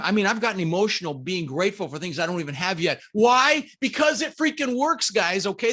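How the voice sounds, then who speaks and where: Middle-aged man, higher-pitched voice, energetic motivational interview guest, emphatic and punchy, talking from home. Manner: emphatic, punchy, addresses listeners as "guys". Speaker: guest, business coach. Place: home room with green screen.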